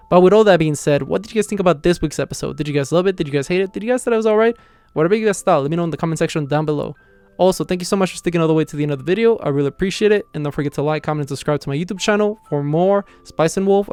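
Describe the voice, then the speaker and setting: A man's voice: on the high side, a little mellow, smooth. A man recapping and reviewing an anime episode in a chatty, casual way, acting out the characters' lines as he retells the scenes.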